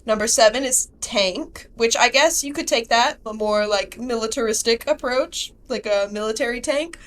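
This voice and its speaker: A young woman hosting a podcast in casual chat, chatty and quick to laugh. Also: on the high side, fairly bright tone. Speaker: podcast host.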